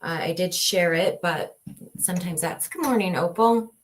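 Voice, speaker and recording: A woman's voice: lowish voice, moderate pace. A woman co-hosting a casual spiritual live stream, talking reflectively and greeting viewers by name.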